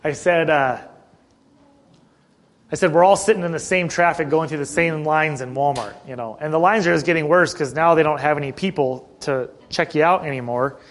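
A middle-aged man preaching a sermon in a conversational way, asking the congregation questions and often clearing his throat. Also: on the high side, normal speed. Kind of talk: sermon with personal story.

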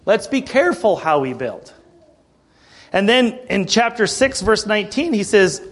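Male pastor, sermon, high voice, lively pitch swings, chatty asides. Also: unhurried. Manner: conversational, animated preaching with frequent asides.

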